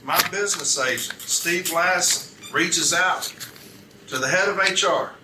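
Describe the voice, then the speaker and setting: A man's voice: high voice, measured pace. A man, a union advocate at an arbitration hearing, methodically citing page numbers, reading documents aloud and putting pointed questions to a witness. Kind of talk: arbitration hearing cross-examination. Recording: roomy, distant mic with background noise.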